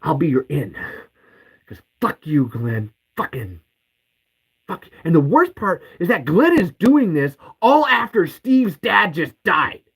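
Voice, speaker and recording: A man's voice: on the high side, big pitch swings, a little slow, creaky, fairly bright tone, breathy edge, rough recording. A man hosting a podcast, ranting in anger with heavy swearing and repeated curses. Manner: profane, heated, repeats curses. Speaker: podcast host. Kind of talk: angry ranting podcast monologue.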